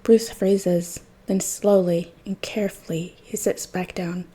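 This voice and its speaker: A woman narrating fan fiction for a podfic, her delivery even and unhurried. Her voice is mellow and slightly breathy, never sharp. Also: fairly low pitch, poor audio. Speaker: podfic reader.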